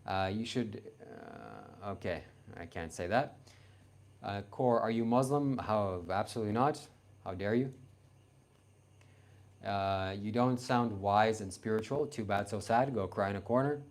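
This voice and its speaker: A man's voice: on the low side, animated, a little slow. A young man from Canada in his late teens, answering his livestream chat in a blunt, confrontational, self-assured way.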